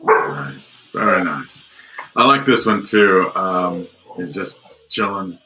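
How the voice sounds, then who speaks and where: A man's voice: deep voice, expressive, takes it slowly, bright, forceful tone, a little hiss or hum, rough recording. A man hosting a podcast interview in casual chat, talking hesitantly with many fillers and restarts. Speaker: podcast host.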